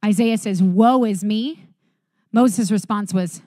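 A woman giving a sermon, reading scripture aloud and preaching earnestly, rising bright at times and dropping to soft quiet emphasis. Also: mid-range voice, takes it slowly, no echo, studio quality.

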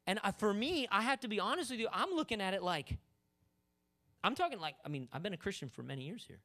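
A pastor preaches in a loose, conversational way, tossing in jokes and asides. His voice sits a little high and leaps all over the place. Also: sing-song, fast, pushed and bright. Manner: casual, joking preaching full of asides. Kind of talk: sermon.

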